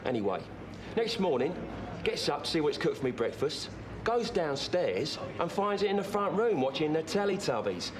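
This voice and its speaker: A man telling a comic first-person story in a rambling, deadpan, confiding way. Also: on the high side, normal speed, a crowd in the background.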